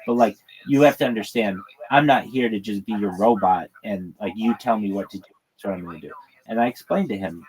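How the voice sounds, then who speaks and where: A man with a fairly low voice talks through a long, rambling story on his livestream. He swears freely and keeps it loose and conversational. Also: normal speed, a little mellow, low-quality recording. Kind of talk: casual livestream monologue.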